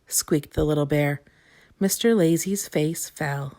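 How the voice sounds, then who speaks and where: A woman's voice: sits low, a little slow. Woman reading a storybook aloud. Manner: expressive, clear.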